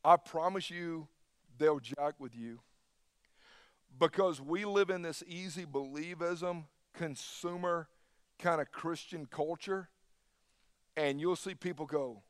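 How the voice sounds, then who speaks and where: Male pastor, sermon delivery, emphatic, slightly high voice, dry close sound. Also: slow, smooth, dry recording.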